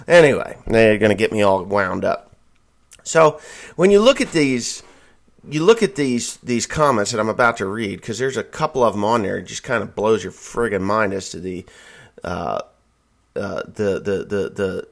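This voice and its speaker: A middle-aged man hosting a farming livestream, talking in a rambling, casual rant that turns profane and loud when he gets worked up. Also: fairly low pitch. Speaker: farming show host.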